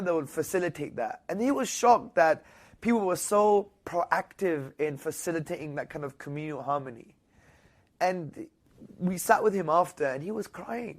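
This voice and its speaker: A British man speaks as an interview guest and tells his story with a lot of energy. His voice sits a little high and jumps up and gets louder when he acts out what other people said. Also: normal speed. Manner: lively, rising and loud when quoting others.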